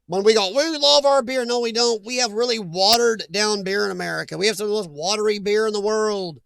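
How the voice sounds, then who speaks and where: A man's voice: sits high, fairly even intonation, fast, creaky, a bit bright, dry recording. A middle-aged man hosting a live chat stream, rambling and joking as he reacts to viewers' comments.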